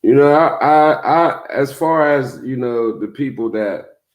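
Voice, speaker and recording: A man talking casually to his livestream viewers, telling stories in a loose, profane way and acting out what other people said. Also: measured pace. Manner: animated storytelling, acts out quotes in high voices; profane, laid-back. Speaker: YouTube streamer. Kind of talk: casual live-stream commentary.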